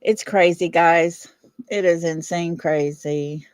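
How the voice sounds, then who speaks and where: A woman's voice: on the low side, steady tone, takes it slowly, clean tone, dry recording, studio quality. A middle-aged woman with a Southern US accent hosting a casual livestream chat, blunt, defiant and fiery. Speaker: livestream host.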